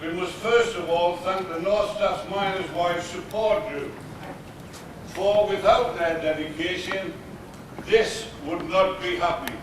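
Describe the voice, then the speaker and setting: A man giving a formal commemorative speech in a measured, deliberate way. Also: sits high, fairly even intonation. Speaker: speaker at plaque dedication. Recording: echoey room with faint noise.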